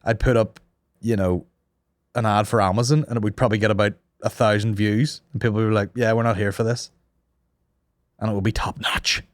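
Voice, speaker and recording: Male podcast host, low voice, dry close mic, animated sweary comic banter. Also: fast talker, dry recording. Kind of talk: casual comedic podcast banter.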